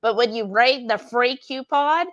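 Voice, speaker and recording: A woman's voice: on the high side, a little slow, muffled recording. A woman co-hosting a live cooking stream, chatting casually and reading viewer comments aloud. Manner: chatty, reads out comments with a laugh.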